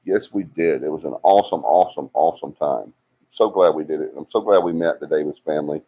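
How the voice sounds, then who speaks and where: Hosting a casual livestream, a man from Alabama reads viewer comments aloud and teases them chattily. He has a fast, mellow bass voice, and the livestream audio is dull and lo-fi.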